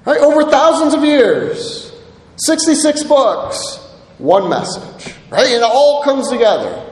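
High-voiced preacher in an echoey hall. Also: male voice, very animated. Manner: earnest, repeats "right?" often, reads scripture slowly. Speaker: pastor. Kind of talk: sermon. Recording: echoey hall with long reverb.

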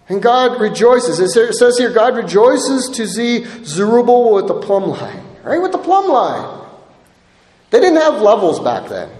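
A man preaching a sermon, emphatic and checking in with the congregation by asking "right?" again and again. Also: extremely high pitch. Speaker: pastor. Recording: echoey hall with long reverb.

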